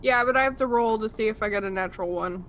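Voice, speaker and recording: A woman's voice: fairly high pitch, fast, fairly bright tone, slight background noise. A woman playing a tabletop role-playing game, chatting casually about her turn. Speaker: player.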